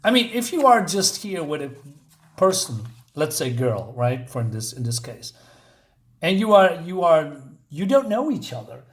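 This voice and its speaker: A man's voice: fairly high pitch, very animated, normal speed. A man reviewing a comic book in a rambling rant, exasperated and sarcastic, with many fillers and restarts. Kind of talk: ranting review.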